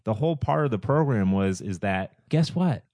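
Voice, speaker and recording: Animated man rambling about movies. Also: lowish voice, normal speed, no echo, clean studio sound. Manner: animated, rambling with restarts and rhetorical questions. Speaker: podcast co-host. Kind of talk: casual film discussion.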